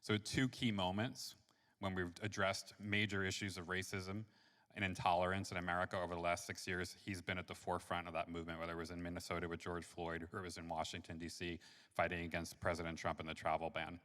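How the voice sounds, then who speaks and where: A man's voice: sits low, level tone, fast talker. A man hosting an event, reading a guest's bio with admiring asides. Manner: warm, admiring, reads then ad-libs. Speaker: event host. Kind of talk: reading an introduction. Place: church. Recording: reverberant church hall.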